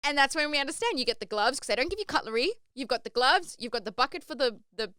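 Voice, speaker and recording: A woman's voice: high voice, animated, quick pace, sharp tone, smooth, dry recording. Aussie girl rambling a travel story on her podcast, super clean voice, dead dry sound. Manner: chatty, says "like" often; acts out quoted lines. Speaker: podcast host. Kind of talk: casual storytelling monologue.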